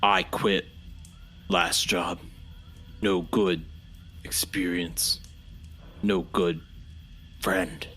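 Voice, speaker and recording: A simple-minded wastelander, voiced by a man, speaking in halting, broken phrases for a tabletop game. His voice sits a little lower than usual and stays bright. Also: steady tone, a little hiss or hum, heavily acted. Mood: plain.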